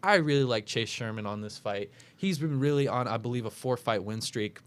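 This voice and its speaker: A man's voice: medium pitch, a little fast, clean tone. A man hosting a casual talk show, breaking down upcoming fights with lots of fillers and self-corrections. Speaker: podcast host making fight picks.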